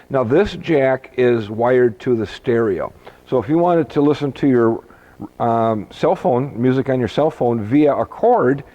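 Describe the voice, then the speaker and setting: A man's voice: mid-range voice, warm tone, dull audio. A man, a boat salesman, walking through a boat's features in a chatty, folksy way, joking as he goes. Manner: chatty, folksy, jokes and laughs easily. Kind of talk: product walkthrough. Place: boat dealership.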